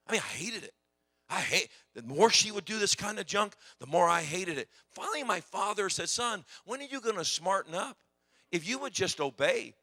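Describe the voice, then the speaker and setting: A man preaching a sermon in a church, telling stories in an animated, emphatic, humorous way. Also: sits high, no echo. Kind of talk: sermon with personal storytelling.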